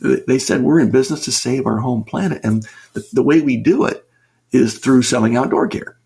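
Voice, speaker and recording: A man's voice: mid-range voice, moderate pace, vocal fry, a little mellow, slightly rough. A middle-aged man speaking earnestly as a guest in a conversational interview, stressing his points and asking rhetorical questions. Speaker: business author and consultant, guest.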